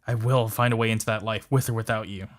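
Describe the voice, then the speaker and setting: A man's voice: lowish voice, fairly even intonation, quick pace, a little hiss or hum, natural voice. Wilfred, a man doing a bitter painter. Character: bitter, ambitious young male painter. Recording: music playing behind.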